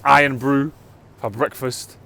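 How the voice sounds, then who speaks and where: A man with a London accent co-hosting a casual football chat, relaxed, leading segments and talking to viewers. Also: medium pitch, takes it slowly, creaky. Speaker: podcast co-host.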